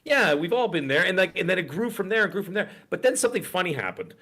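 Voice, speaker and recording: A man's voice: high-pitched, sing-song, fast talker, pushed and bright. A middle-aged man co-hosting a podcast in casual chat, rambling through stories and acting out the voices of people he quotes. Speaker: podcast co-host. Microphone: desk podcast microphone.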